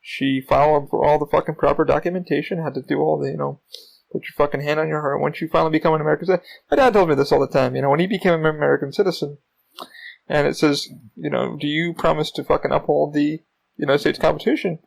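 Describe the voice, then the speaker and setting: Male podcast host, gravelly slightly high voice, rambling solo rant with constant swearing. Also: steady tone, fast, rough recording. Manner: rambling, heavy profanity, frequent fillers. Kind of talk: casual solo monologue.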